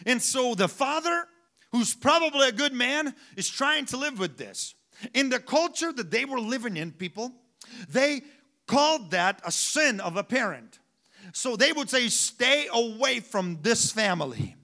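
Male pastor, 30s, high and bright voice, conversational sermon with rhetorical questions. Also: lively intonation, unhurried.

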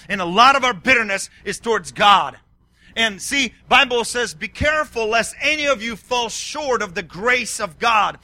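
Man, pastor, sermon, excitable, yelling then quiet, very bright tone. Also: high voice, moderate pace. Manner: excitable, swings between yelling and quiet asides.

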